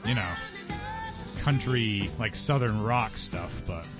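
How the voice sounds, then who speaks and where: A man's voice: lowish voice, slow pace, over music. A man in his late twenties co-hosting a casual comedy podcast, making dry, joking asides. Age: late 20s.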